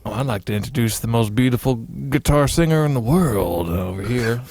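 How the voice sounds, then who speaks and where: Brief: male co-host, mid pitch, playful joking storyteller, dry close sound. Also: lively intonation, fairly quick, a little mellow, dry recording. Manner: jokey storyteller, playful with bits. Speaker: podcast co-host. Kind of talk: casual comedic chat.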